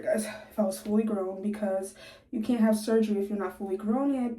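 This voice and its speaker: Speaking in a mellow, mid-range voice, a nineteen-year-old vlogger chats with her viewers and laughs a lot as she tells a story. Her jaw is sore after recent surgery, and the mic sits at a distance in an echoey room.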